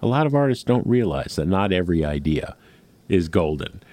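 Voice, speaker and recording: Man, interviewer, very low pitch, mellow warm tone, engaged, conversational. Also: sing-song, moderate pace. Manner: engaged, sums up the guest's work. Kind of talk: casual interview talk.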